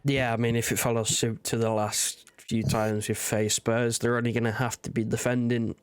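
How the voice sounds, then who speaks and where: A man, co-hosting a casual football podcast, giving measured, considered analysis. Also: medium pitch, little pitch movement, clear, resonant tone, no room sound, clean studio sound. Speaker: podcast co-host.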